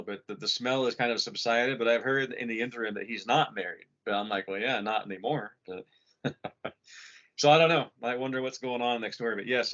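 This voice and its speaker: A man's voice: mid-range voice, fairly bright tone. A man co-hosting a podcast, telling a story casually and profanely while acting out voices, talking from home over a muffled call. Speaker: podcast co-host. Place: home condo.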